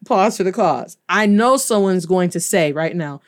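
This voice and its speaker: A woman's voice: lowish voice, animated, normal speed, hardly any pauses. A woman teaching Spanish in a casual video lesson, playful and sassy, switching between English and Spanish.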